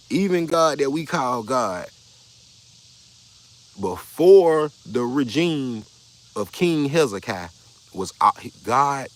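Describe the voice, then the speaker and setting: Blunt, profane man ranting on a live stream. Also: mid-range voice. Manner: blunt, profane, argumentative, repeats himself. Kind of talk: casual live stream rant.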